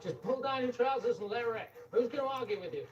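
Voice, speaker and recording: A high-voiced man piles on flamboyant mock praise, his delivery gushing and theatrical. He sits a little away from the mic, so the sound is slightly distant. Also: animated, quick pace, dull audio. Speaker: comedic host. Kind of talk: comic banter greeting guests.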